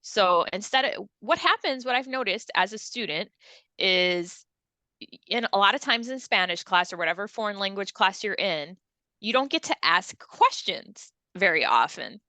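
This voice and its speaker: A woman's voice: mid-range voice, animated, moderate pace, pushed and bright, no room sound. A woman in her thirties, a language teacher, chatting in an interview, upbeat and laughing often as she demonstrates sounds. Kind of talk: casual interview chat.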